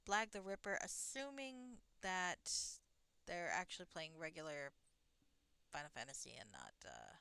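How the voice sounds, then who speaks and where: A woman chats through a live game stream, her bright voice sitting a little low. Her pitch jumps around a lot as she rambles, and she swears casually. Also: very animated, unhurried, clean tone. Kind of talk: casual live gameplay commentary.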